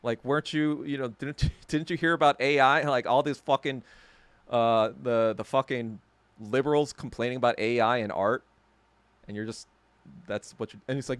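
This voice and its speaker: Speaking at a normal speed in a smooth, slightly bright, medium-pitched voice, a man hosts a podcast and launches into a sarcastic, profanity-laced rant while telling a story. He mocks himself as he goes, and the recording has no room sound.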